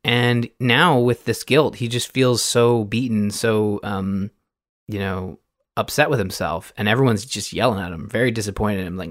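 A man's voice: on the low side, moderate pace, dry recording, clean studio sound. A man hosting a podcast, recapping a video game in a loose, rambling way with many fillers and restarts. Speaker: podcast host.

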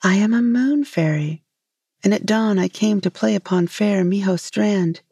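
A gentle moon fairy pleads in a lyrical, unhurried voice, as a woman reading the tale gives her lines. Her tone is low and slightly husky with a mellow warmth, in a dry close recording. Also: no room sound. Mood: pleading.

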